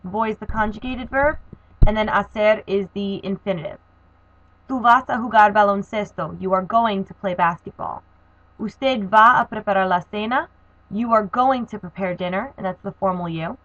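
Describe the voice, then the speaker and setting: Female teacher voice, mid-pitched, methodical and step-by-step, for a lo-fi classroom video. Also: moderate pace, a bit bright, dry recording. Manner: methodical, spells out endings letter by letter. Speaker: Spanish teacher. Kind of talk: recorded grammar lesson. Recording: dull, dry lo-fi recording.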